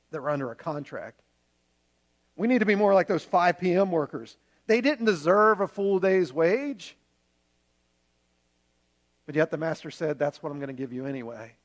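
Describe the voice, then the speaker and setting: A man preaching a sermon as a pastor, earnest and conversational, using homely examples. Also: fairly high pitch.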